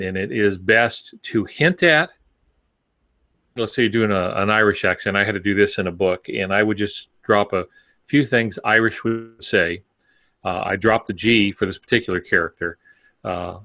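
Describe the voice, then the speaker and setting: A man's voice: fairly low pitch, a bit bright, no echo. A man co-hosting a writing podcast, explaining his views at length with many fillers. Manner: rambling, filler-heavy explanations. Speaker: podcast co-host. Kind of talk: casual discussion.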